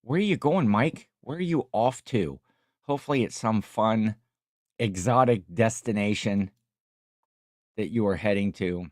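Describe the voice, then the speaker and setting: A man's voice: fairly low pitch, unhurried, no room sound, clean studio sound. A tired middle-aged man hosting a casual livestream, chatting and reading viewer comments in a rambling, jokey way. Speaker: livestream host.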